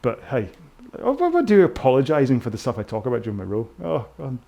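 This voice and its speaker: A man's voice: mid-range voice, huge pitch swings, fast talker, vocal fry, mellow, dull audio. A British man coaching an indoor rowing workout in a rambling, self-deprecating, casual chat. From Britain.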